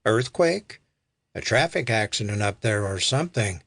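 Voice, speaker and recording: A man voicing a weary male commuter, speaking calmly. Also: medium pitch, moderate pace, no echo. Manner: calm, weary. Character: tired male commuter, calm.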